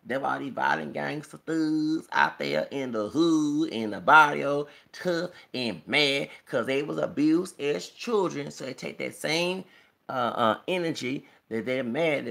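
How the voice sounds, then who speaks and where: Gravelly, bright-voiced man ranting. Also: medium pitch, moderate pace. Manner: emphatic and rambling, with rhetorical "okay?" and "hello!"; preachy, cites scripture. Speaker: vlogger. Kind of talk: rambling commentary monologue.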